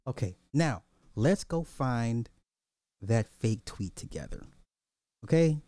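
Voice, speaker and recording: A man hosting a podcast in casual livestream commentary, animated and slangy, talking straight to his viewers. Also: medium pitch, slow pace, dry recording, studio quality. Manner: animated, slangy, addresses the chat directly. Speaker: podcast host.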